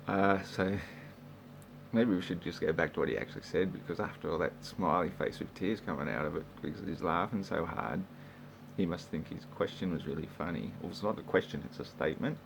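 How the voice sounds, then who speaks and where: An Australian man talks in a slow, rambling monologue with a deep, gravelly voice. He is sarcastic and swears freely, and faint ambient noise sits behind him. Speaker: vlogger.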